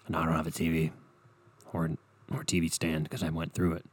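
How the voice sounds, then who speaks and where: A man's voice: very deep voice, brisk, husky. A young man rambling through a profane, comedic monologue as a podcast host. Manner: rambling, profane, animated storytelling.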